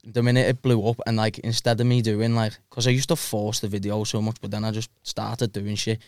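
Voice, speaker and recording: A man's voice: fairly low pitch, little pitch movement, a little fast, a little mellow, smooth, no room sound, studio quality. A young man, a podcast guest chatting casually, laid-back and sweary, often laughing. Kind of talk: casual chat.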